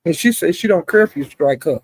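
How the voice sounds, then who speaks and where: A woman's voice: lowish voice, lively intonation, fairly quick, darkish tone, husky, no echo. A woman hosting a live stream, chatting casually about online drama, greeting viewers by name and calling them honey and child. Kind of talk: casual gossip commentary. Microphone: streaming setup.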